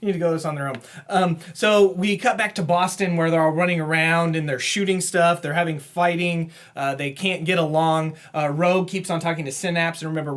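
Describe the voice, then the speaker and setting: A man co-hosting a comic book podcast, casually recapping plots and quoting characters in quick put-on voices, laughing often. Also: a little high, fairly bright tone. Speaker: podcast co-host. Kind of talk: casual comic review chat.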